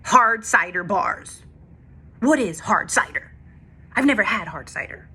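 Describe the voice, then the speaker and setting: A woman's voice: medium pitch, expressive, measured pace, bright, forceful tone, slightly rough. A woman with a daughter telling a candid, emotional faith testimony in a personal vlog. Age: adult with a daughter. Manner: candid, confessional, emotional storytelling. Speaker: faith vlogger.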